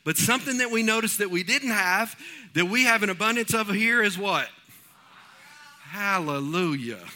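A man preaching from the pulpit. His voice is high and very bright, with a ringing edge. He tells homespun stories in a folksy, animated way. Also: moderate pace. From East Texas. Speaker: pastor. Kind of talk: sermon.

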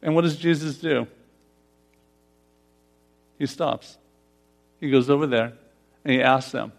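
A man's voice: mid-range voice, takes it slowly, vocal fry, pauses often. A pastor preaching a conversational sermon, putting questions to his congregation. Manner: conversational, asks the congregation questions, laughs often.

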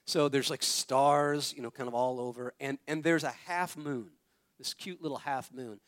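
A man's voice: medium pitch, fairly even intonation, moderate pace, a bit bright. A man in his thirties preaching a conversational sermon, telling family stories and repeating phrases for emphasis. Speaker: pastor.

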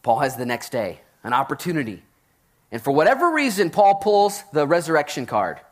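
Man, pastor, sermon, casual teaching, jokey asides, very lively pitch. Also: a little fast.

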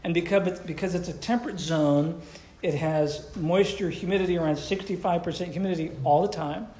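A man's voice: fairly high pitch, fairly quick, warm tone, reverberant. A man preaching a sermon in a conversational way, often asking his listeners questions. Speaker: pastor.

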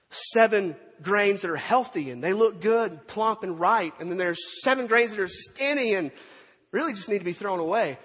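Pastor, male, high-pitched storyteller in a reverberant hall, acts out the quotes. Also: husky. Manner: storytelling, animated, with acted-out quotes and asides to the congregation. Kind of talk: sermon.

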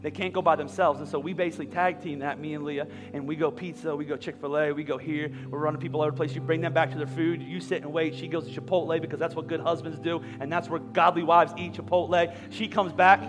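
Preaching in a big church, a Philadelphia pastor in his 30s tells an energetic personal story. His fairly high voice races along with hardly any pauses and climbs toward near-shouting. Long hall reverb and faint music can be heard in the recording.

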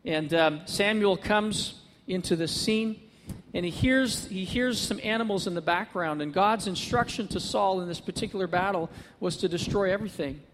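A man's voice: high-pitched, normal speed, long reverb tail, slight background noise. A man preaching a sermon as pastor, earnest and building to emphatic repetition, speaking to a congregation.

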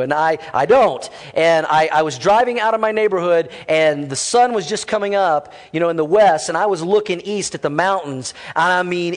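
A middle-aged man preaching a sermon to his church, lively and conversational with quick casual asides. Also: sits high, in a large hall. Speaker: pastor.

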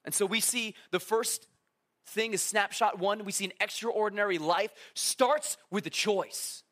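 A man with a notably high voice gives a relaxed, conversational sermon. He speaks casually and tosses in asides and questions to his listeners. He often slips into little acted-out quotes as he tells the story. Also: unhurried. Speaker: preacher.

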